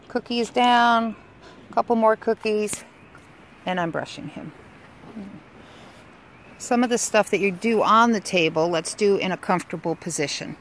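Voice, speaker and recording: A woman dog trainer explaining a grooming-table exercise, breaking into loud, excited praise and cues for the dog. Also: medium pitch, a little hiss or hum. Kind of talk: hands-on training demo.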